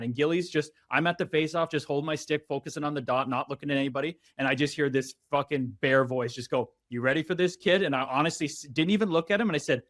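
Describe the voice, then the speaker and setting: A man in his thirties hosts a loose, casual conversation, telling animated stories and swearing freely. His voice sits a little higher than most men's. The sound is close and dry. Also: no echo. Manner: animated, swearing storyteller who acts out quotes. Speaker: podcast host, former pro hockey player.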